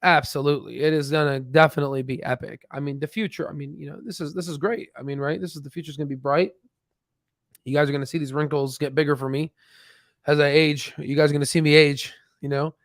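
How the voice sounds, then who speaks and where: Yawning and tired, a man hosting a stock channel livestream rambles casually, full of fillers and restarts. He talks fast in a steady, slightly high voice, and the recording is dry and studio quality.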